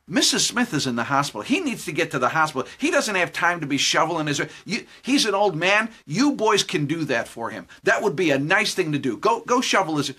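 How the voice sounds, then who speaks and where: A man voicing a mother who briskly tells her sons to do a chore. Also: on the high side, sing-song, bright, forceful tone, husky, full character voice. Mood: urging.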